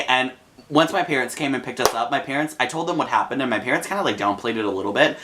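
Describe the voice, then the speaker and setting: A man's voice: medium pitch, fast, bright, forceful tone, a little hiss or hum. A young man casually recounting a personal story for his vlog, chatty and full of fillers. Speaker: vlogger.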